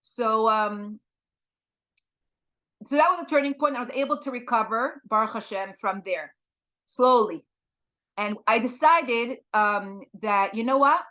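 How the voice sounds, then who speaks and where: A woman's voice: on the high side, pushed and bright. Earnest woman telling a hard story. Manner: earnest, halting storytelling with many fillers. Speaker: guest speaker. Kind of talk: personal testimony talk.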